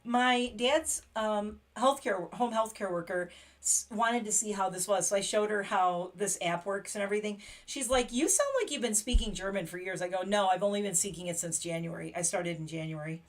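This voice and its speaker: A woman's voice: medium pitch, normal speed. Chatty woman livestream host, laughing often. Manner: chatty, laughs often, reads German phrases aloud. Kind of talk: casual livestream chat.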